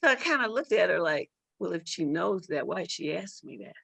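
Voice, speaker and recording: A woman's voice: lowish voice, lively intonation, moderate pace, creaky, a bit bright, husky, dry recording. A middle-aged woman, a judge and author, telling a personal story as an interview guest, emotional and full of repeated words and restarts. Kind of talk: storytelling in a talk-show interview.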